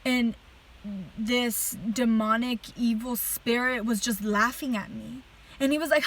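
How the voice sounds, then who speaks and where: A woman telling a dream story straight to camera. Her voice sits a little high, and she talks in an earnest, animated way. She keeps filling her sentences with "like" as she tries to get the details across. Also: unhurried, low-quality recording. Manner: chatty, heavy use of "like" fillers. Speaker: person giving a religious testimony.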